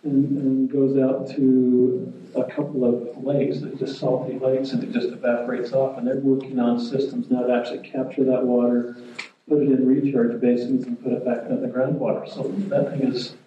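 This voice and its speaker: Man, public meeting official, measured and plain, flat delivery, echoey hall picked up from far away. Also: medium pitch. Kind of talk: explaining policy at a public meeting. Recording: roomy, distant, muffled, faint noise.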